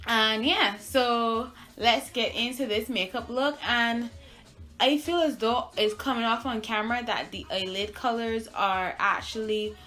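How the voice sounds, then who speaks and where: A young woman from Barbados, her accent a mix of Barbadian and American, chats through a makeup tutorial as a beauty vlogger. Her voice is on the high side and unhurried, relaxed and full of fillers, with faint music behind.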